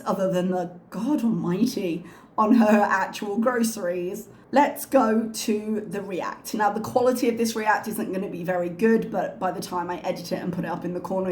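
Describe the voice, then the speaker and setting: A woman at mid pitch, delivering sarcastic, critical commentary as she reacts to a clip. Her voice carries a clear room echo. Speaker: reaction channel host. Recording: echoey room.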